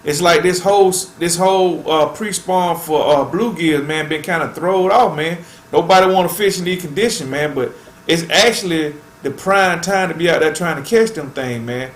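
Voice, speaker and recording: A man's voice: fairly high pitch, normal speed, roomy sound. A man hosting a fishing channel, chatting casually to viewers in a laid-back way and tacking "man" onto nearly every phrase.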